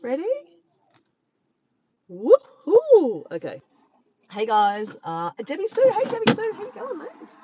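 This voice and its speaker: A woman, chatting excitedly to viewers on a phone live stream at the beach. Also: sits high, fairly quick, few pauses, dull audio, heavy background noise. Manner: chatty, excitable, repeats herself. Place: outdoors, driving to and walking at a beach. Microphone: phone held in hand.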